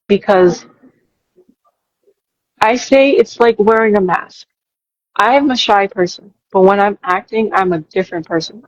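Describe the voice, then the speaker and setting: A woman's voice: medium pitch, no room sound, highs cut off. A young woman, a college student, answering interview questions in an earnest way, thinking aloud and restarting her sentences. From New York. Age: young adult. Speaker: interview guest.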